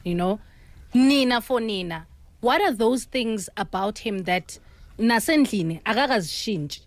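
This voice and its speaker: A woman's voice: on the high side, expressive, normal speed, no room sound. Woman host, dry close sound. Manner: encouraging, frequent short affirmations. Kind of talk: interview conversation.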